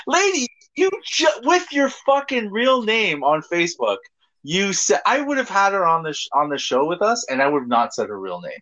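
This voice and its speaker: A man's voice: sits high, normal speed, highs cut off. A man co-hosting a casual podcast, telling crude stories with lots of laughter and swearing. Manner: animated storytelling, laughs often, swears freely. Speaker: podcast co-host.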